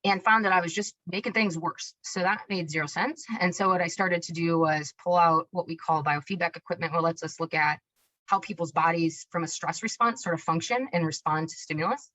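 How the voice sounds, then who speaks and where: A woman clinician explaining a concept in an energetic webinar talk, often checking in with "right?" and restarting her sentences. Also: fairly low pitch, brisk, poor audio. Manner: energetic, self-described hyperactive, many tag questions and restarts.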